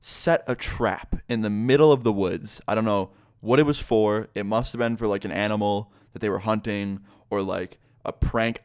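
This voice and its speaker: A man's voice: on the low side, no room sound, clean studio sound. A young man telling a rambling, swear-filled story for his vlog. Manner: rambling, profanity-laced storytelling full of fillers. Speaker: YouTuber. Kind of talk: casual story time vlog.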